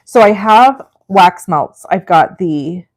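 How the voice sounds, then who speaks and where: A woman's voice: medium pitch, animated, slow pace. A woman in her forties hosting a live crafting demo, talking in a chatty, rambling, self-deprecating way. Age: 40s. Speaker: craft livestream host.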